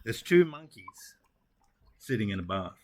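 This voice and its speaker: A man co-hosting, telling jokes slowly and deadpan and firing skeptical questions in casual banter. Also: on the low side.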